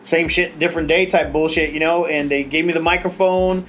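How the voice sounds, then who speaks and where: A man telling a story in casual chat, acting out quotes in a higher voice, swearing and laughing as he goes. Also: brisk. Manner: animated, acts out quotes in a higher voice; swears freely, laughs while telling stories. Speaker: podcast host.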